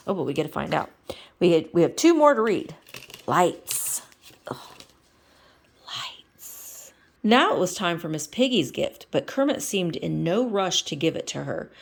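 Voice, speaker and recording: A woman vlogger reading a storybook aloud in a casual way. Her voice is gravelly and lively in pitch. She breaks off for chatty asides between passages. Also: normal speed.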